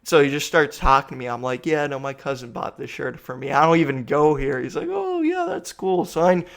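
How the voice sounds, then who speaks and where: A man's voice: medium pitch, fairly even intonation, a little fast, gravelly, a bit bright. A young man telling a rambling, profane story about a store trip, sounding tired and exasperated. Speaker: vlogger. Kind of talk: rambling comic rant.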